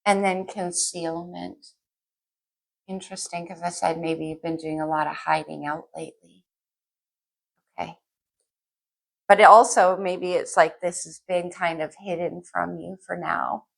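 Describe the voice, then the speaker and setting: Gravelly, low-voiced woman reading tarot. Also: steady tone, a little slow, pauses often. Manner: chatty, scattered, thinks aloud while pulling cards. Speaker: tarot reader. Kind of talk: casual tarot reading to camera.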